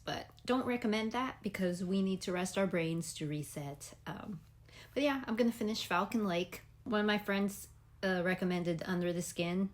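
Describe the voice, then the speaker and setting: Chatty young woman vlogging, low voice. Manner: chatty, rambling, snacking while talking. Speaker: PhD student vlogger. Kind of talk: casual vlog chat.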